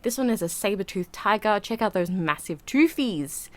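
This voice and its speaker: A woman's voice: mid-range voice, lively intonation, normal speed. A woman, a channel host narrating a voiceover in a chatty, rambling, giggly way, a little out of breath. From Australia. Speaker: vlogger. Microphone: home voiceover mic.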